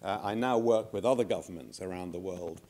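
Older guy, lowish voice, conference speech, measured, lots of uhs and pauses. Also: warm tone. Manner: measured and anecdotal, with frequent hesitations. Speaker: former government minister speaking at a conference.

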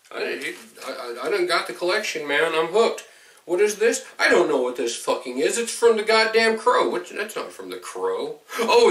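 A man opening a box of gifts on camera, excitable and swearing often, his voice jumping up when something thrills him. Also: medium pitch, echoey room, distant mic, slight background noise. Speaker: vlogger opening a fan mail box. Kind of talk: excited unboxing vlog.

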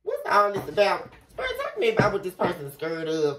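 Animated woman giving a tarot reading. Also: lowish voice, brisk. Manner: animated, talks to the viewer, swears freely. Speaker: tarot reader. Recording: echoey room from far off, faint noise.

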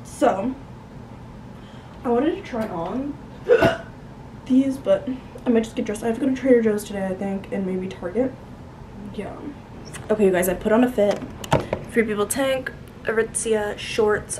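A bubbly young woman chatting to her phone camera in a casual vlog. Her talk is loose and full of filler words. Noticeable noise sits under the recording. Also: medium pitch. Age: young adult. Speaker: vlogger.

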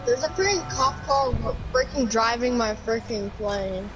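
A woman's voice: on the high side, measured pace, music in the background, poor audio. A woman in casual game chat, flustered and exclaiming about her plane. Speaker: gamer in voice chat.

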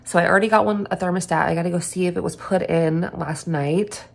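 A woman's voice: on the low side, a little fast, vocal fry. A woman talking casually to camera in a day-in-my-life vlog, chatty and blunt, swearing freely. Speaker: vlogger.

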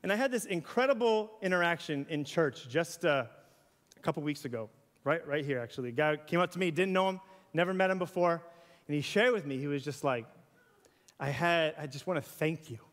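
A man preaches in a church, chatty and animated, tossing in playful asides. His voice sits high for a man. The sound rings with the long reverb of a large hall. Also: brisk. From US South. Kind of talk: sermon. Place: church sanctuary.

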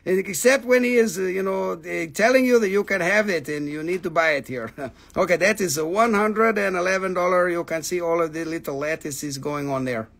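A man's voice: high-pitched, brisk, vocal fry, fairly bright tone. A man hosting a casual live crystal sales stream, teasing viewers playfully, laughing often and swearing freely.

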